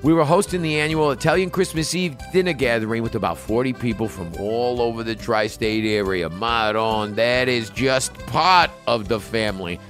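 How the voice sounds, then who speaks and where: A man's voice: medium pitch, normal speed, hardly any pauses, over music, natural voice. A man voicing a brash, crude middle-aged woman from New Jersey, putting on a New Jersey accent and telling a story with joking asides. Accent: New Jersey, put on. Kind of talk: comic reading of a listener's story.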